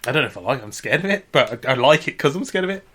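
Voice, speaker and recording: A man's voice: medium pitch, very animated, rapid-fire, sharp tone, slightly rough. A man co-hosting a comedy podcast, bantering playfully and laughing often as he riffs on silly ideas. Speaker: podcast co-host.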